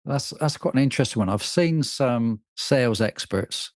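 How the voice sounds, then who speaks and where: A man hosting a podcast, asking questions and commenting in a measured, conversational way. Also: medium pitch, expressive, no echo, clean studio sound. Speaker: podcast host. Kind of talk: interview questions and remarks.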